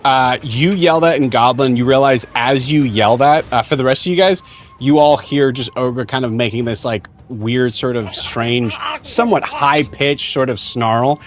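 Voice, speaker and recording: A man narrating as game master of a tabletop role-playing game, casual and halting with many fillers. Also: medium pitch, a little hiss or hum.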